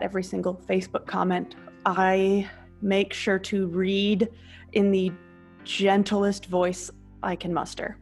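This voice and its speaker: A woman speaking earnestly and with self-awareness in a group conversation, explaining a personal practice. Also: mid-range voice. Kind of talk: reflective conversation.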